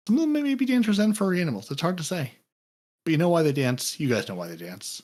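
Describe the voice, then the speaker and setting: A man hosting a podcast in casual chat, rambling playfully with jokey asides while thanking listeners. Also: medium pitch. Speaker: podcast host.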